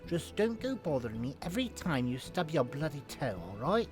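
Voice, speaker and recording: Man doing a brisk, bossy guild receptionist lady. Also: a little high, very animated, music in the background. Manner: brisk and teasing.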